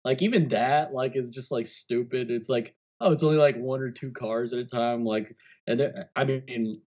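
A man's voice: medium pitch, moderate pace. A rambling male co-host on a dull mic. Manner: rambling, heavy on filler words. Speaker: podcast co-host. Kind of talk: casual podcast chat.

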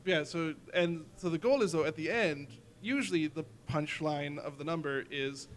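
A man guesting on a podcast as a burlesque host, from Canada, telling stories in animated casual chat. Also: a little high, normal speed, hardly any pauses, slight background noise. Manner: animated storyteller, lots of "like".

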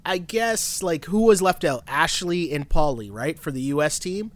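A man co-hosting a podcast in casual chat, animated and exasperated, laughing often. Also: fairly high pitch, normal speed, no room sound. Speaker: podcast co-host. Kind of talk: casual chat recapping a reality show.

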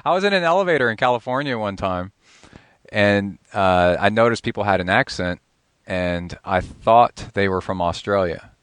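Male podcast host, lowish voice, jokey and talkative, dry close sound. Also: lively intonation, moderate pace, a bit bright, clear, resonant tone, no echo. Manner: chatty, joking, laughs often. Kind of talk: casual interview chat. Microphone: Skype call.

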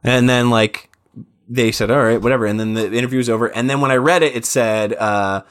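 A man in his thirties co-hosting a casual podcast, his voice sitting at an ordinary middle pitch. He rambles through his stories and keeps acting out quotes from other people. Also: a little fast, clean tone. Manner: rambling, animated storytelling with quoted asides. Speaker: podcast co-host. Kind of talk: casual chat.

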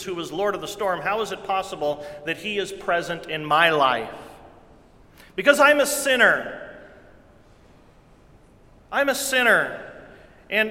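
A man preaching a sermon in earnest tones, repeating phrases and swinging from loud to hushed. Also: high-pitched. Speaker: pastor. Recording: long hall reverb.

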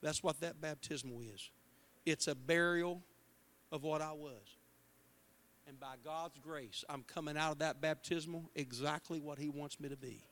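Fervent preacher, man, bright high voice. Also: steady tone, moderate pace, some chatter behind. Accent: Midwestern American. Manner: passionate preaching, swings from hushed to shouting. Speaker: pastor. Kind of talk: sermon. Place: church sanctuary.

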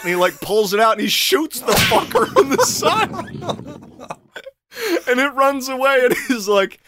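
A young man in casual comedic chat, telling an animated story full of laughter and swearing. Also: sits high, moderate pace.

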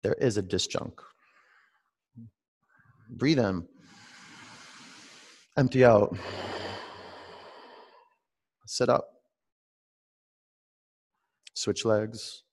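A man teaching a guided online yoga class, mixing calm meditative coaching with direct instructions and calling students by name. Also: lowish voice, very slow, pauses often.

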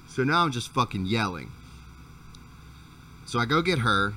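A man's voice: mid-range voice, lively intonation, a little slow, pauses often, bright, forceful tone, recorded from a distance. A man hosting a podcast, telling a rambling, profane story in a casual chat. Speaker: podcast host.

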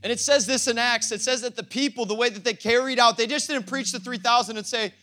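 Give me a high-voiced young pastor with a sharp, bright sound, preaching with fervor. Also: male voice, steady tone, fast talker. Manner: impassioned, rising to shouting. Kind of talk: sermon.

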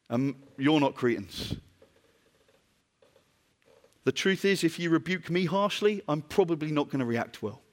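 British male preacher, higher voice, chatty sermon, hall reverb, asks the room questions. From Britain. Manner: conversational, asks the congregation questions.

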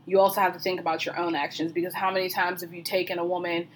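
A woman's voice: fairly low pitch, flat delivery, rapid-fire, slight background noise. A young woman co-hosting a podcast, talking bluntly and candidly in casual chat, swearing freely. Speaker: podcast co-host.

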